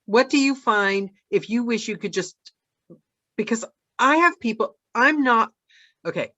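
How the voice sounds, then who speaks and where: A woman's voice: fairly high pitch, animated, unhurried, pushed and bright, no echo, highs cut off. A woman hosting a casual interview, frank and upbeat as she asks her guest questions. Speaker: podcast host.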